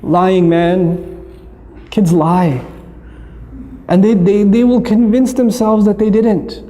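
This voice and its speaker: A man delivers a humorous talk about parenting, jumping animatedly into scenes and voices. His voice sits fairly high for a man yet sounds mellow and soft-edged. A long hall reverb hangs behind him. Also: fairly even intonation, takes it slowly, pauses often, slight background noise.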